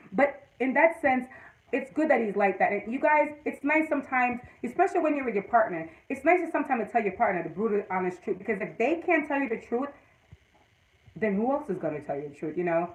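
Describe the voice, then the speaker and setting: A woman's voice: on the high side, expressive, quick pace, rough recording. A woman with a Jamaican accent hosts a casual livestream from her phone or webcam. She tells her stories in a rambling, emphatic way, leaning hard on the words she wants to stress. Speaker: livestream host.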